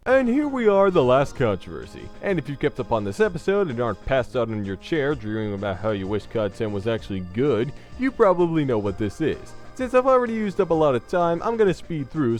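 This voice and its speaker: A man's voice: moderate pace, soft background music. A man hosting a scripted video game commentary, talking sarcastically and crudely. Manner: sarcastic and crude, with lively swings in pitch. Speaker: gaming commentary host.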